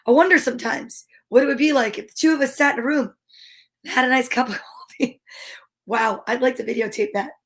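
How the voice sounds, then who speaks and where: Bubbly woman host, middle-aged, high bright voice, chatty and animated with young viewers. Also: a little fast. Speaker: host of a children's story-time show. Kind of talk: cheerful chat to kids at home.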